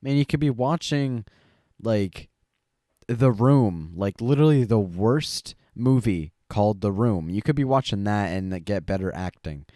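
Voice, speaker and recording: A man's voice: fairly low pitch, expressive, unhurried, warm tone, no echo. Young male co-host, loose rambling chat, dry close-mic sound. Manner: rambling, frequent fillers and laughs. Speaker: podcast co-host. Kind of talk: casual chat.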